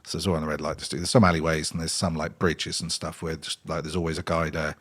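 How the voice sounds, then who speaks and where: A man's voice: extremely low pitch, quick pace, slightly rough. A man, a podcast guest chatting casually and acting out his stories with frequent laughs. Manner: animated storyteller, acts out scenes, laughs often.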